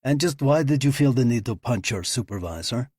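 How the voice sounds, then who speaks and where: A man voicing a dry, commanding male team leader who speaks briskly. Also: mid-range voice, lively intonation, darkish tone, slightly rough, no room sound.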